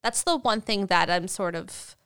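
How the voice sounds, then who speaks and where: A woman's voice: medium pitch, moderate pace, a bit bright, clear, resonant tone. A woman co-hosting a podcast, chatting casually through a TV episode recap, laughing often and acting out characters' lines. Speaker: podcast co-host.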